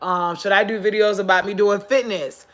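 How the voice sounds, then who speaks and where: A woman livestream host with a medium-pitched, fairly even voice at normal speed sits on the floor streaming motivational talk casually from her phone. She's earnest and preachy, repeating her points for emphasis.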